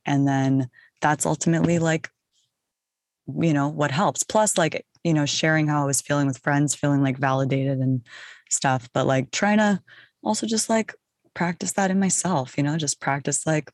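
Low-voiced young woman, rambling casual chat. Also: steady tone, normal speed, a little mellow, no room sound, studio quality. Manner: rambling, says "like" often, laughs easily. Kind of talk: casual conversation. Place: small closet.

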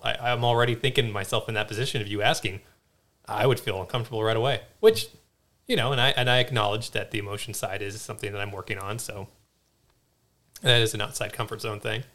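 A man's voice: on the low side, fast talker, fairly bright tone. A man co-hosting a podcast in casual chat, speaking hesitantly and thoughtfully. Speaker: podcast co-host.

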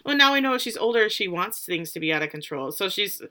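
A woman co-hosts a podcast, chatting casually and jokingly quoting characters as she recaps an episode. Her voice is bright, and her pitch is in the middle range. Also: expressive, fairly quick. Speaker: podcast co-host. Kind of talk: casual chat.

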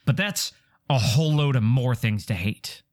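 A man's voice: mid-range voice, lively intonation, normal speed. A man hosting a podcast, teasing his co-host with dry wisecracks in casual comic chat.

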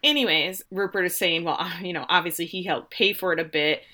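A woman's voice: fairly low pitch, fairly quick, bright, forceful tone. A woman co-hosting a casual podcast, animatedly retelling scenes and quoting the characters. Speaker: podcast co-host. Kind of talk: casual recap chat.

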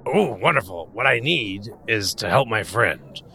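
A man's voice: fairly low pitch, big pitch swings, measured pace, creaky, pushed and bright. A man playing a character in a tabletop role-playing game, with polite, wry in-character narration. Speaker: player.

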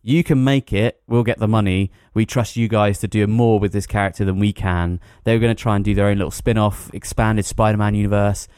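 A man co-hosting a film podcast, explaining new releases in a relaxed, rambling way with filler words. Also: lowish voice, a little fast, hardly any pauses, smooth, dry recording, clean studio sound. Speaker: podcast co-host, film reviewer. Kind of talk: casual chat.

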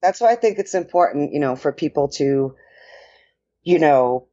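A woman with a New York accent co-hosting a casual podcast chat, talking with lots of fillers and lively quoted asides. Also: low voice, normal speed, lo-fi sound. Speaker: podcast co-host and dance professional.

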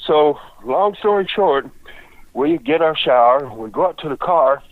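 A man's voice: on the high side, lively intonation, measured pace, no room sound. An older man, a retired wrestler telling a long story in a rambling, folksy way with lots of repeated words. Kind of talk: casual storytelling. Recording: dry phone-like line.

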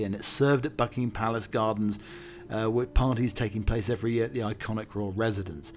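A man hosting a solo podcast, talking in a wry, mock-patriotic and irreverent way. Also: mid-range voice. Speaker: podcast host. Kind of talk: comedic solo podcast monologue.

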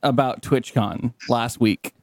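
A man's voice: medium pitch, slow pace, a little mellow, no echo. A man co-hosting a podcast in casual chat, ranting in exasperation, swearing and repeating himself. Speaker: podcast co-host.

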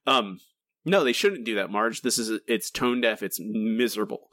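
Exasperated man with a lively pitch. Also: normal speed, dry recording, studio quality. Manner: exasperated, rambling with many restarts. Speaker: podcast co-host. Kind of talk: casual critical chat.

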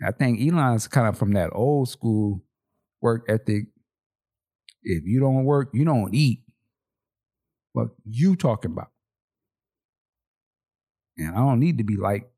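A man's voice: medium pitch, big pitch swings, moderate pace, long pauses, a little mellow. A man co-hosting a podcast in casual chat, laid-back and slangy, laughing often and asking rhetorical questions. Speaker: podcast co-host.

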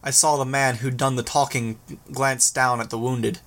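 A man reading a first-person action novel as an audiobook, with a steady, even delivery. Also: medium pitch, normal speed. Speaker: audiobook narrator.

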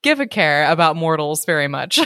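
A woman's voice: low voice, big pitch swings, normal speed, pushed and bright, no echo, clean studio sound. A woman podcast co-host chatting casually, jokey and irreverent, with some swearing. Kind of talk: casual chat.

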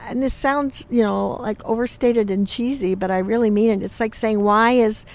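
A woman's voice: on the high side, steady tone, warm tone. Teary woman talking about art. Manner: emotional, halting, searching for words. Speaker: interviewee, arts lover. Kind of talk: reflective conversation.

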